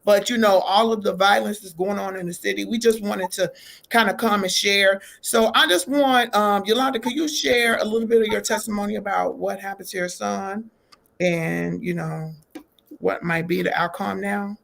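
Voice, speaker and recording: A woman's voice: mid-range voice, fairly even intonation, moderate pace, gravelly, fairly bright tone. A woman hosting a faith-based talk show, greeting her guests and affirming them with an "amen.".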